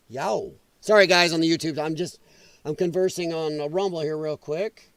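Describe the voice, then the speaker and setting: On his political livestream, a man reads the chat and talks with viewers between bursts of heated sarcasm, slipping into mocking put-on voices. He speaks at normal speed in a fairly high voice, and the audio has no echo.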